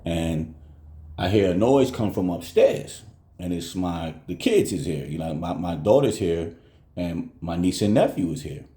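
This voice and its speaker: Speaking to viewers at home, a male vlogger tells a casual story and animatedly acts out every person's voice along the way. His voice is low and measured in pace, and the room sounds echoey.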